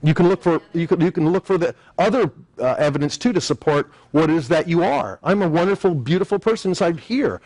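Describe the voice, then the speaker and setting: A man's voice: a little high, a little fast, few pauses, no echo, poor audio. A man teaching a live sales seminar, acting out phone calls in quoted voices as he explains. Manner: animated, acts out phone lines in quoted voices. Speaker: NLP sales trainer.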